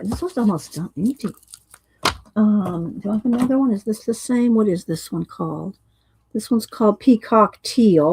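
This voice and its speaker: A woman's voice: medium pitch, noisy background. Chatty woman thinking aloud. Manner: thinks aloud, chatty, picks and names paint colors; reads viewer chat aloud. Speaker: art streamer. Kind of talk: casual live-stream craft demo.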